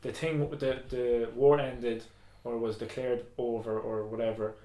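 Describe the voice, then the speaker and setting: A man's voice: medium pitch, steady tone, unhurried, dark tone. A young man co-hosting a podcast in casual chat, rambling, swearing a lot and laughing often. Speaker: podcast co-host. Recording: echoey room.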